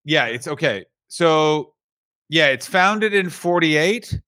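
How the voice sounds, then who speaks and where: A man's voice: fairly high pitch, expressive, slow pace, sharp tone, no echo. A man co-hosting a comedy podcast, rambling through the history with jokes. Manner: rambling, jokey, slips into silly character voices. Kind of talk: comedic casual chat.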